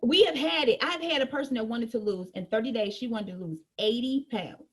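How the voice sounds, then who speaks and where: A woman with a high voice leads a sales training session. She talks straight to her audience in a lively, chatty way. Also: fairly quick, slightly rough. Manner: lively, conversational, addresses listeners directly.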